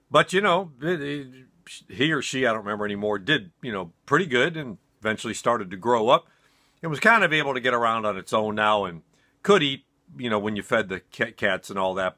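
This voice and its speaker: A man's voice: lowish voice, pushed and bright. A man telling a personal story in a casual, rambling, self-deprecating way with many fillers.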